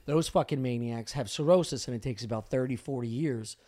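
A man telling a long animated story in casual podcast chat, swearing freely. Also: mid-range voice, fairly quick, a crowd in the background. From Italian-American. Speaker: podcast host.

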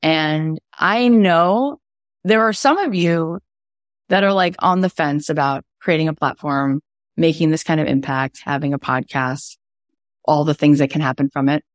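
Deep-voiced animated woman storyteller. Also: unhurried, no room sound, clean studio sound. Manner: animated storyteller acting out quotes. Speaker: podcast coach. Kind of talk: energetic teaching livestream.

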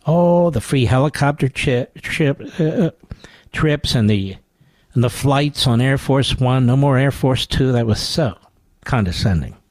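A man's voice: mid-range voice, lively intonation, unhurried, darkish tone, dry recording. A man hosting a radio talk show, delivering a sarcastic, mocking monologue full of rhetorical asides into a studio microphone.

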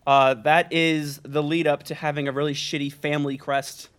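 A man's voice: on the high side, little pitch movement, normal speed, fairly bright tone, clean tone. A man on a comedy game show, rambling through a jokey made-up definition full of "like" and restarts, a bit out of breath. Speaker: game contestant. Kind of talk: improvised comedy banter.

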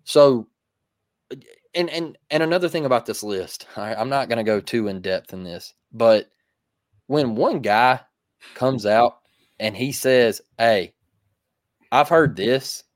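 A man co-hosting a sports talk show in a casual, emphatic manner, repeating his points to calm the listeners down. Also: medium pitch, measured pace, long pauses, no room sound, studio quality. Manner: emphatic, preachy, repeats phrases. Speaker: podcast co-host.

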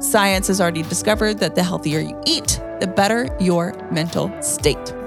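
A woman's voice: fairly low pitch, normal speed, music in the background. A woman co-hosting a podcast in casual chat, talkative with frequent fillers, who also reads short news items. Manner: chatty, lots of fillers. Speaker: podcast co-host.

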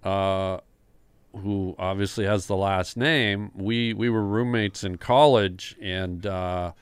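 Smooth-voiced older man telling a story. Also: low-pitched, slow, dry recording. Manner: animated storyteller, acts out quoted dialogue. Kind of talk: casual storytelling chat.

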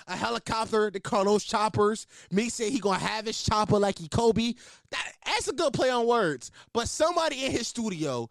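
A man's voice: very high-pitched, dry recording, clean studio sound. A young man hosting a podcast, riffing in loose, profane, laughing comic commentary. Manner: animated, profane, laughing riffs. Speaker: podcast host. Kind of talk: casual comedic commentary.

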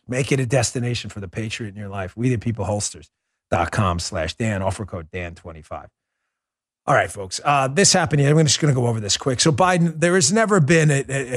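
Male podcast host, fiery mocking ranter, slightly high voice. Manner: heated, ranting, mocking, repeats himself. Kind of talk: political commentary with ad read.

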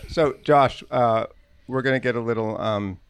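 A man co-hosting a podcast, joking and a bit halting as he asks his guest questions. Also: mid-range voice, clear, resonant tone, no echo. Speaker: podcast co-host. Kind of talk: casual interview chat.

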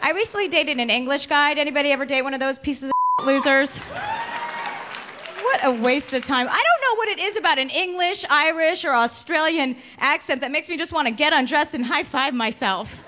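On a comedy club stage before a live audience, a female stand-up comedian delivers a blunt, mocking set into a stage microphone. Her voice sits high and is expressive and fairly quick. The live club recording picks up faint crowd sound and noise.

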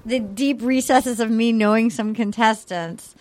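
A woman's voice: a little high, a little slow, darkish tone, no room sound. A woman co-hosting a podcast in casual, gossipy chat and laughing often. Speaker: podcast co-host.

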